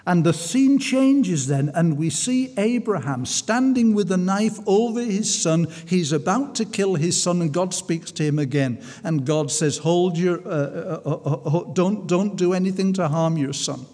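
A male preacher whose high voice carries through a hall with a long reverb. He delivers a sermon with many restarts. He drags out the words he wants to stress. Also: darkish tone. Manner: restarts and stumbles, slows for emphasis.

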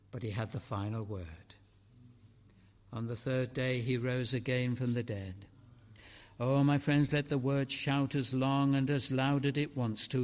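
A man preaching a sermon with dramatic swings between loud exclamations and hushed, slow phrases. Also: medium pitch. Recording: long hall reverb.

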